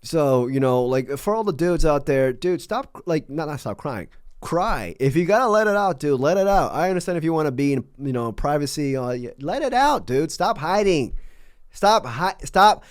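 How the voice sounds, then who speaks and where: A man's voice: a little high, expressive, normal speed, dry recording. A man doing casual, mocking commentary on a video clip, laid-back and loose. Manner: mocking, laid-back, many fillers and restarts. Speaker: commentary YouTuber.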